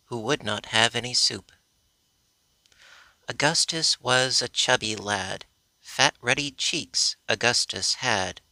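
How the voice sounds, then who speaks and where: A man reading old rhymed children's stories aloud in a slow, measured way, giving the characters' quotes their own voices. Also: medium pitch, creaky, bright, forceful tone, no echo. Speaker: narrator.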